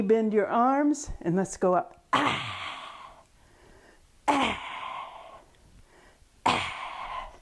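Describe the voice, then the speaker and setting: Combining storybook reading with kids' yoga instruction, a woman with a mellow, medium-pitched voice guides children through poses. She coaches them in a patient, encouraging way as she reads the picture book aloud.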